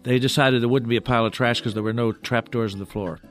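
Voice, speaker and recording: An older man, a puppeteer, telling stories in a halting, rambling way as a guest in a radio studio. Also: medium pitch, steady tone, faint music behind. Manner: rambling, halting, full of restarts. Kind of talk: radio interview storytelling.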